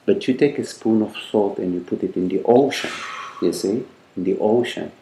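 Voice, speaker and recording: An older man, a spiritual teacher, speaking gently in a meditative question-and-answer talk, with halting, repetitive phrasing and frequent "you see.". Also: on the low side, slight background noise.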